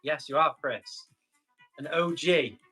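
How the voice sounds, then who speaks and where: Over soft background music, a man with a fairly high, pushed and bright voice speaks slowly while hosting a live tool sale. He chats casually with viewers, answers their comments, and describes items as he tests them.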